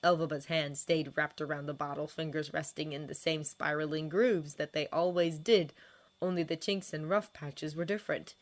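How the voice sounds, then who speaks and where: A woman reading a fanfiction story aloud, with measured, expressive narration. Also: low-pitched. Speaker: fanfiction reader.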